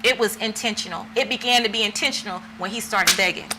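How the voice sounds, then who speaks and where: An earnest woman hosts a talk show, pressing her points and checking for agreement. Her voice is bright and clear in tone. A faint noise sits in the background. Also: mid-range voice, quick pace, low-quality recording. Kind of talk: impassioned discussion.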